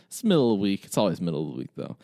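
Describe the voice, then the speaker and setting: Young Virginian podcast co-host, rambling and restarting, very lively pitch, dry close sound. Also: male voice, very fast, no room sound. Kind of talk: casual chat.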